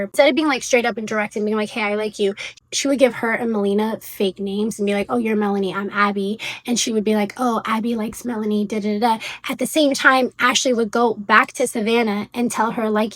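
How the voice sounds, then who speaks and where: A young woman casually retelling a story for a commentary channel, packed with "like" and quoted lines. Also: fairly high pitch. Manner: rapid, filler-heavy retelling with quoted voices. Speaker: commentary YouTuber.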